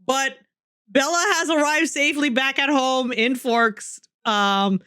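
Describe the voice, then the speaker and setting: A woman's voice: high voice, fairly even intonation, slow, sharp tone, clean tone. A young woman co-hosting a podcast, chatting casually about a book, laughing often and swearing freely. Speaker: podcast co-host. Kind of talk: casual book-club chat.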